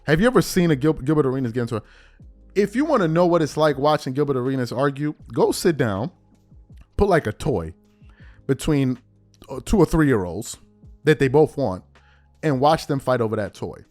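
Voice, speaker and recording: Blunt, animated male sports commentator. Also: medium pitch, moderate pace, pauses often, no echo, faint music behind. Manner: animated, blunt and mocking, with mock-quoted asides. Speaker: podcast host. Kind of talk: opinionated commentary.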